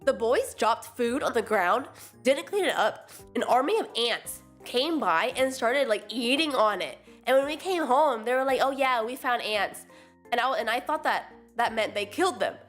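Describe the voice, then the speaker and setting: Animated high-voiced young woman streamer. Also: moderate pace, soft background music. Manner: animated storytelling, acts out quotes, laughs often. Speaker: VTuber streamer. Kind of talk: casual chat with friends on stream.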